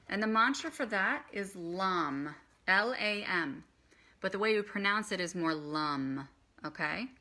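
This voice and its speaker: A woman's voice: mid-range voice, bright, forceful tone. A woman teaching meditation in a chatty live stream, guiding the listener through breathing and chanting. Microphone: phone.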